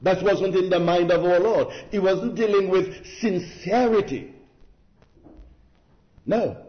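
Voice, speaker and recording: A man preaching a sermon in a slow, deliberate, emphatic way, with rhetorical asides to his listeners. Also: sits high. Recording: muffled lo-fi sermon recording.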